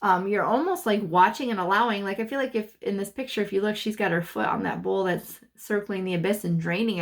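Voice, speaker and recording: A woman's voice: medium pitch, brisk, hardly any pauses. A woman giving a casual tarot reading to her channel's viewers, chatty and full of fillers as she thinks aloud. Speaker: tarot reader.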